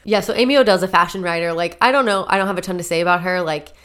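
Chatty woman co-host, lowish voice. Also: racing, fairly bright tone. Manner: chatty, many "like" fillers. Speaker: podcast co-host. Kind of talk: casual chat.

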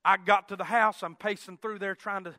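A man preaching a sermon in a folksy, animated storytelling manner. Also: high voice, a little fast, dry recording, clean studio sound.

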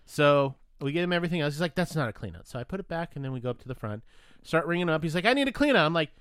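A man telling a story in casual chat, animated and profane, acting out both sides of a conversation. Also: fairly high pitch, rapid-fire, clear, resonant tone, no echo.

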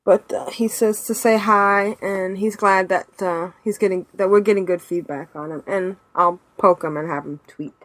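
A woman hosting a podcast in casual chat, animated and chatty, laughing often, talking over a remote call mic. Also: medium pitch, moderate pace, hardly any pauses, dry recording. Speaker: podcast host.

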